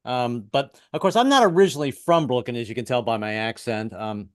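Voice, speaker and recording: Talking a little fast in a mid-range voice, a male comedian in his fifties performs self-deprecating stand-up over video, stammering into restarts before his wry punchlines. He grew up in the US and moved around, the South included.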